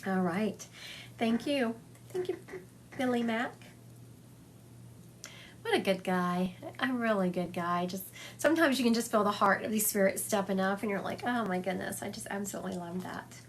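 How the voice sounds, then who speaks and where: A woman's voice: mid-range voice, animated, moderate pace, long pauses, slight background noise. Chatty woman medium on a live stream. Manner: chatty, relays and acts out spirit messages. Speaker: psychic medium. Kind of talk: livestream reading for viewers. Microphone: phone livestream.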